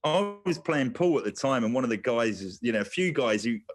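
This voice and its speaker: A man on a radio show as a guest, telling a funny story in an animated, chuckling way. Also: mid-range voice, fairly quick.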